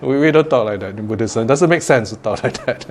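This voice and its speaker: A Buddhist teacher gives a chatty Dharma talk, laughing often, tossing in asides and saying "you know" a lot. His mid-range voice is animated and darkish, his pace quick, with slight background noise in the recording.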